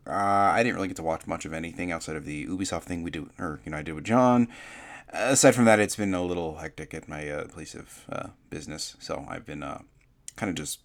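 Low-voiced laid-back podcast host, a man. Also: a bit bright. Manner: laid-back, many fillers and trailing-off asides. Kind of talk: casual chat.

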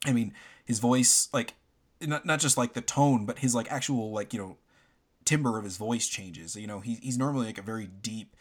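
A man in easy, casual conversation about a game he finished. His voice is mid-pitched and ordinary, and he rambles, circling back with fillers and false starts as he gathers his thoughts. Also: normal speed. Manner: rambling, many fillers and restarts. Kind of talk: casual game review chat.

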